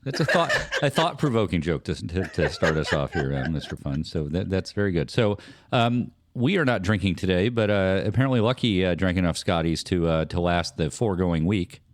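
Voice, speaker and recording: A man hosting a casual podcast chat, steering topics with halting, restart-heavy talk. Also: deep voice, lively intonation, a little hiss or hum. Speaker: host.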